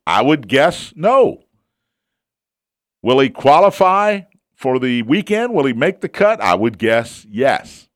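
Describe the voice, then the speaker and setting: A man's voice: mid-range voice, no echo. Chatty man hosting sports talk, dry close mic. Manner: chatty, opinionated, asks himself questions and answers them. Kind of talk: casual sports talk with host-read ad.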